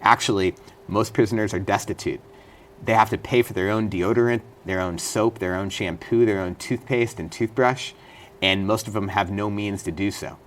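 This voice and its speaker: A middle-aged man speaks as an interview guest in a very deep voice. He tells his story earnestly and in detail, now and then restarting a phrase. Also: steady tone, moderate pace. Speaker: interview guest, former state senator and prisoner. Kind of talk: studio interview.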